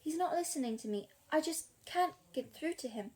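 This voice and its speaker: A woman's voice: high-pitched, lively intonation, normal speed, darkish tone, pitched above the performer's own voice. A woman reading aloud, voicing a plucky young female detective with a raised, pleading voice. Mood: desperate. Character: plucky girl detective, urgent and brave.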